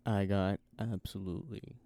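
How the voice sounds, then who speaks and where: A man's voice: fairly low pitch, flat delivery, moderate pace, dark tone. A man chatting as a podcast guest, telling stories with quoted asides and lots of swearing. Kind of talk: casual chat.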